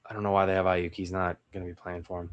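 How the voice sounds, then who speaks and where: Young guy doing a solo mock draft breakdown, lowish voice, thinks out loud, keeps restarting. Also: little pitch movement, rapid-fire, highs cut off. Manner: thinks aloud, hesitant with restarts. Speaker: sports channel host.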